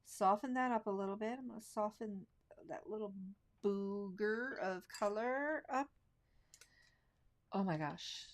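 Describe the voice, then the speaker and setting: A woman teaching card making in a live craft demonstration, chatting loosely and thinking aloud as she works. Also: mid-range voice. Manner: relaxed, chatty, thinks aloud while working; slow, drawn-out phrasing.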